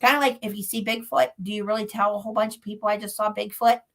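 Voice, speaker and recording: A woman's voice: mid-range voice, steady tone, fast talker, gravelly, a bit bright. A woman from Pennsylvania, a paranormal investigator, chatting as a guest in a casual interview and laughing often as she tells stories.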